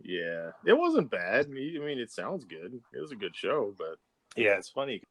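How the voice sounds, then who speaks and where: A man co-hosting a casual podcast, relaxed and rambling, laughing often. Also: medium pitch, moderate pace. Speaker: podcast co-host. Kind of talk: casual chat.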